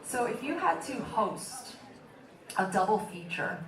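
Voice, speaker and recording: A woman's voice: a little high, sing-song, a little slow. A woman moderating a convention Q&A panel, friendly and upbeat, calling on the audience and putting questions to the guest. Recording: echoey hall from far off, crowd behind.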